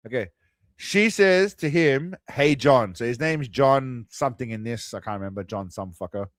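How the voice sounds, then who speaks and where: A man's voice: mid-range voice, moderate pace, no room sound. A man hosting a crude, mocking movie commentary, tossing out quiz-style asides. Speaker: host. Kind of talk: sarcastic movie riffing commentary.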